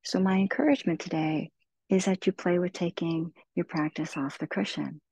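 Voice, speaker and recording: Middle-aged woman meditation teacher, low gravelly voice, slow gentle encouraging talk, dry close sound. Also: steady tone, dry recording, poor audio.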